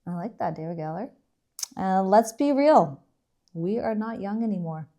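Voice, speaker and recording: A woman's voice: medium pitch, animated, normal speed, warm tone. A woman co-hosting a casual podcast, enthusiastic and playfully teasing. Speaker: podcast co-host.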